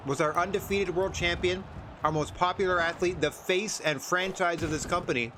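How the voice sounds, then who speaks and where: A man's voice: high voice, fairly even intonation, moderate pace, over music. A man streaming a wrestling management game, chatting casually in a rambling, self-deprecating way. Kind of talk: casual gameplay commentary.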